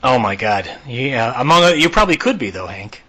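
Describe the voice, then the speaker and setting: Male show host, bright voice, admiring, stumbles over his words. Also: mid-range voice, big pitch swings. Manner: admiring, halting with repeated words. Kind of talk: interview chat.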